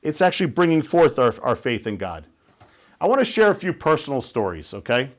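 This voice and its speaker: A man's voice: mid-range voice, big pitch swings, brisk. Male guest speaker, casual storytelling talk, checks in with the audience. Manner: conversational, asks listeners questions.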